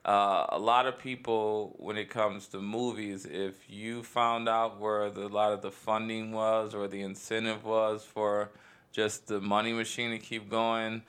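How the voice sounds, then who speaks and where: A man's voice: lowish voice, flat delivery, measured pace, fairly bright tone, smooth. A man, a comedian guest, joking in laid-back podcast chat.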